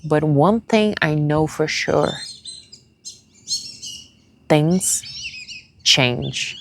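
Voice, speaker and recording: In a tearful personal vlog, a young woman speaks straight to her viewers in a confiding way, halting and searching for words in English, which is not her first language. Her voice sits low, and there's slight background noise.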